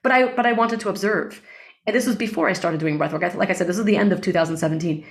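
A woman being interviewed as a guest, telling a personal story in an earnest, animated way. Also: fairly low pitch, racing.

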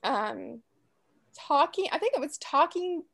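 Chatty Southern woman, higher voice. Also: big pitch swings, slow, a bit bright. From Louisiana. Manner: chatty, rambling, laughs easily. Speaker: guest author. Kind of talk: casual interview chat.

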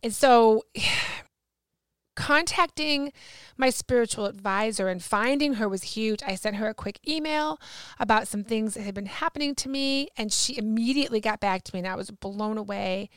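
A woman guest on a podcast, telling a personal story in a casual, animated way and acting out the dialogue. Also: fairly high pitch, normal speed, clean tone, no echo. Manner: animated, acts out quoted dialogue. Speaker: guest medium.

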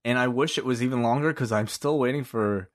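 A man's voice: medium pitch, a little fast. A man co-hosting a podcast with dry, wry remarks in casual chat. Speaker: podcast co-host.

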